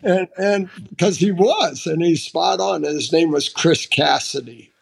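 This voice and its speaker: Older american guy, super gravelly voice, tells war stories in a podcast, stops and restarts a lot. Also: fairly high pitch. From United States. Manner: halting, restarts often, animated when quoting others. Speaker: podcast guest, retired admiral. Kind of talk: casual interview storytelling.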